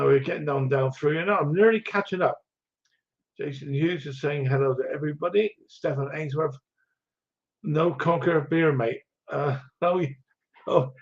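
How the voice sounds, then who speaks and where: A middle-aged man hosting a livestream, chatting casually and rambling through viewer greetings with lots of ums and chuckles. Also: on the high side. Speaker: livestream host. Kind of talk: casual live chat reading viewer comments. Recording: dull lo-fi stream audio.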